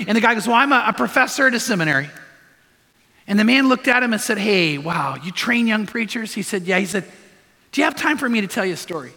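A man's voice: sits high, quick pace, sharp tone. A man preaching a sermon, telling stories and urging his listeners with repeated, earnest commands. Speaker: pastor. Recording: long hall reverb.

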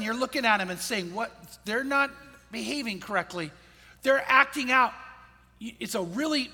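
A man's voice: high-pitched, pushed and bright, slightly rough. A man preaching a sermon in a conversational, storytelling way, repeating his key phrases. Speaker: pastor. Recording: long hall reverb.

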